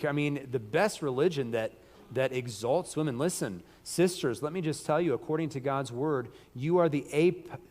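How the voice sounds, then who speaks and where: A man preaching a sermon in a church, losing his voice, emphatic and breaking into loud bursts. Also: fairly high pitch, in a large hall. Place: church hall.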